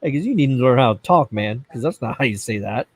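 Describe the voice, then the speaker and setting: A man hosts a casual livestream, chatting loosely and reading out viewer comments. His mid-range voice is brisk, with slight background noise.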